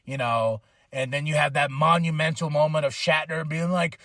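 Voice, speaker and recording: Guy with kinda high voice rambling thru a movie plot, slangy, lots of um and like, dry sound. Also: fairly even intonation, normal speed, bright, forceful tone, no room sound. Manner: slangy, rambling retelling with many fillers. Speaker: podcast host. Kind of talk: casual movie review recap.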